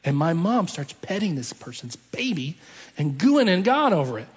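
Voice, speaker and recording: A man's voice: fairly high pitch, big pitch swings, moderate pace, husky. A man telling a story in a sermon, acting out the voices of the people in it. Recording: long reverb from a large hall.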